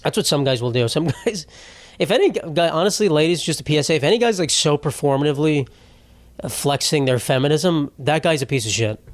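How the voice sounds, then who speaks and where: A man's voice: fairly high pitch, animated, a little fast, no echo. A man hosting a solo comedy podcast, telling rambling, profane, self-mocking stories in casual talk. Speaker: podcast host. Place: home setup.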